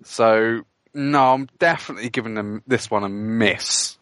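A man's voice: lowish voice, unhurried, fairly bright tone, dry recording. A man co-hosting a casual movie chat, giving blunt opinions and laughing as he talks. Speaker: podcast co-host.

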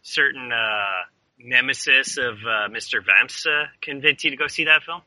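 A man's voice: mid-range voice, normal speed, sharp tone, no room sound, low-quality recording. A man from Canada making hesitant, teasing asides in casual podcast chat.

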